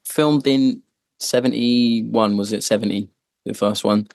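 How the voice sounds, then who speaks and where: A man's voice: fairly low pitch, steady tone, measured pace, vocal fry, darkish tone, no echo. A man hosting a podcast, chatting casually and joking, with lots of fillers. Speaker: podcast host. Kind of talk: casual chat.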